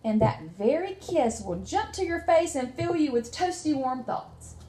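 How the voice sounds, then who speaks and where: A tender, loving mother raccoon from a storybook, as a woman reading aloud puts her on. She speaks softly and sweetly in a fairly high, mellow voice. The recording is roomy, with faint noise behind her. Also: very animated, a little slow.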